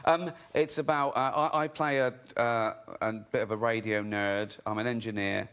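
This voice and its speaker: A man chatting as a guest on a talk show, stammering and often breaking into high laughter. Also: fairly even intonation, normal speed, a bit bright, clear, resonant tone. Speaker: guest, comedian and director. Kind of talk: chat show banter.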